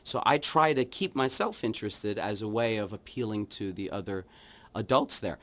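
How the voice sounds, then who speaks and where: A man who is a children's musician, chatting as a guest in a radio studio interview, wry and rambling, with his voice often trailing off into quieter asides. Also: on the low side, lively intonation, moderate pace. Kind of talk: casual radio interview chat.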